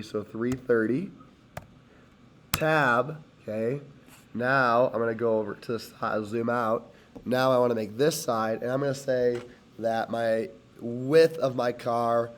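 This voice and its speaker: A hoarse man teaching, talking step by step through a screen-recorded CAD tutorial as he clicks. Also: mid-range voice, slight background noise. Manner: step-by-step, talks while clicking.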